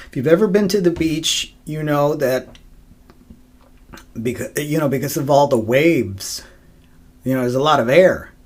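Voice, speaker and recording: A man's voice: medium pitch, darkish tone. A man hosting his own podcast in a casual solo monologue, rambling and profane, with frequent laughs and fillers. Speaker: podcast host.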